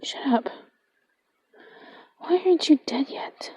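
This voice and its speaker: A young woman from Minnesota commenting on her gameplay in a soft-spoken manner, often dropping to a whisper and reading game text aloud. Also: high-pitched, slow, no echo, muffled recording. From Minnesota, USA. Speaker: gamer.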